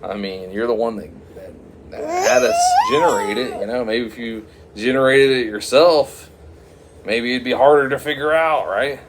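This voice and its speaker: A man's voice: medium pitch, wildly swooping pitch, heavy background noise. A man voicing a rambling, officious government clerk who hedges as he talks. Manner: rambling, halting.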